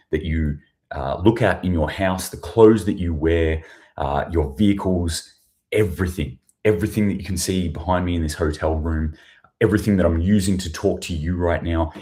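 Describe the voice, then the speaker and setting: A man's voice: low-pitched, darkish tone. A man with an Australian accent, hosting a casual livestream from a hotel room, rambling and sarcastic and swearing freely. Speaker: prepping news show host.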